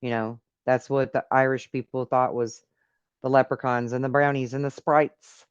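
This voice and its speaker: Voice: mid-range voice, level tone, moderate pace, smooth. Host reacting to a video with casual commentary and wisecracks as they read along. The sound is a little dull and lo-fi. The recording is dry, with no room echo. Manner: joking asides, reads text aloud with quips.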